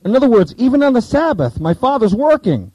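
Brief: male preacher, high and very lively pitch, mellow dark tone, jokey asides, dry close sound. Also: fairly quick, no echo, dull audio. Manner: animated and joking, with asides. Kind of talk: sermon with Bible reading.

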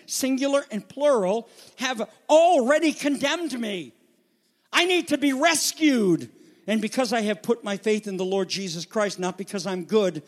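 A man with a notably high voice delivers an urgent sermon. He hammers his points with emphatic declarations and rhetorical questions, then drops to hushed asides before building again. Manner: asks rhetorical questions and repeats phrases. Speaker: preacher.

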